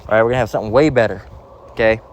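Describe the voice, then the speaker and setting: A man teaching from the Bible in a casual way, out of breath as he walks outdoors and slowing down to read verses aloud. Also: fairly low pitch, poor audio. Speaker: preacher. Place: outdoors, walking near traffic.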